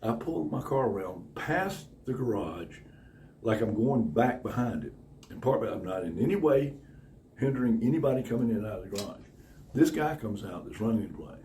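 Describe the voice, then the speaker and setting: A man telling casual stories in an animated, profane way, acting out other people. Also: fairly quick. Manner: animated, profane, acts out other people's voices with big pitch jumps and laughter. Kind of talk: casual anecdotal storytelling. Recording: slightly distant mic with faint room noise.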